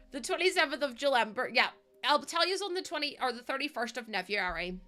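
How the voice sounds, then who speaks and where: A woman streamer chatting casually with her live chat, excitable and talkative, laughing often. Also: high voice, fast.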